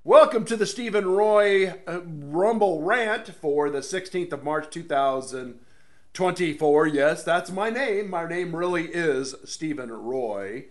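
A man's voice: fairly high pitch, lively intonation, takes it slowly. A man hosting his own political rant show from his home studio, rambling and sarcastic in a monologue.

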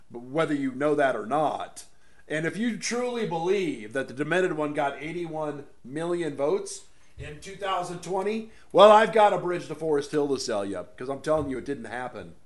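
A man hosting his own political rant show from his home studio, rambling and sarcastic in a monologue. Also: fairly high pitch.

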